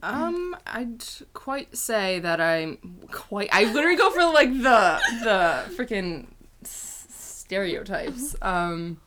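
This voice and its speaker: A woman's voice: medium pitch, sing-song, takes it slowly, fairly bright tone. A woman chatting casually, rambling and laughing often. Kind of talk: casual chat. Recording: faint background noise.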